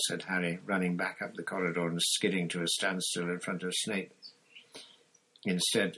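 Low, husky man narrating a story. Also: normal speed, rough recording. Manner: steady narration with small slips and restarts. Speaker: audiobook reader.

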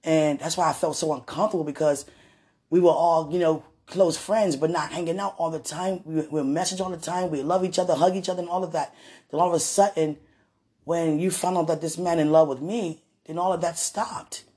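Her voice sits low and sounds husky, and she talks fairly quickly. Addressing her partner on their podcast, this woman shares a personal story in a lively, casual manner, voicing the people she quotes and often speaking of God and the Holy Spirit.

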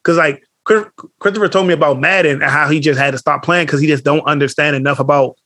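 A man co-hosting a podcast in casual chat, telling animated stories full of slang and swearing, acting out what others said. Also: a little high, quick pace, dry recording, studio quality. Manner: animated storytelling, acts out quotes, heavy slang and swearing. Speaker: podcast co-host.

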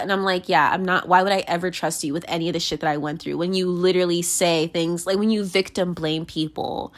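A young woman delivers a candid monologue, rambling with many fillers and restarts. She swears and vents with emotion, her pitch swinging widely.

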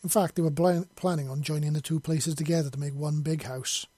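Husky man reading a story aloud. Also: a little high, steady tone, brisk, warm tone, no echo. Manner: unpolished reading with slips and restarts. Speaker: story reader. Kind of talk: reading his own fiction aloud.

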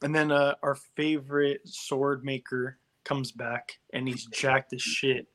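A man hosting a podcast in casual chat, animated and profane, acting out his reactions. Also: medium pitch, slow pace. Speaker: podcast host.

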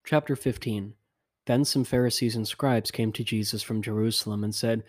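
A man narrating scripture in a measured, even, unhurried reading. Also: fairly low pitch, dry recording, studio quality. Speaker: scripture reader.

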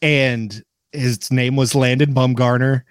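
A man's voice: mid-range voice, steady tone, takes it slowly, smooth, dry recording, clean studio sound. Easygoing young man from Oklahoma. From Oklahoma, USA. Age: young adult. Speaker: podcast guest. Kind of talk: casual storytelling.

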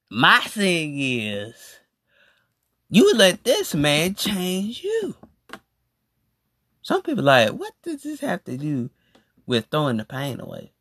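Animated podcaster ranting with lively swoops. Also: no echo, studio quality. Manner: animated, emphatic, swooping up and down in pitch. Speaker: podcast host. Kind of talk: casual rant to listeners.

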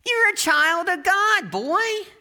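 Old country pastor, booming and kind, bright tone, put on by a preacher. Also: male voice, very animated, slow pace, in a large hall, heavily acted. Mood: warm, insistent. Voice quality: raised, ringing voice. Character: old small-town male preacher, kindly and booming.

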